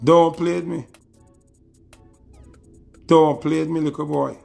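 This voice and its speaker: A man's voice: on the high side, level tone, slow, gravelly, darkish tone, soft background music. A man with a Jamaican accent delivering a scornful, taunting diss rant, repeating his insults. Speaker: social media personality. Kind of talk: ranting diss video.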